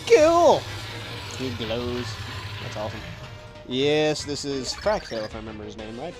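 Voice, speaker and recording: A man's voice: mid-range voice, normal speed. A young man hosting a let's play, rambling and self-deprecating in casual gameplay commentary, often stumbling over words. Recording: game music behind.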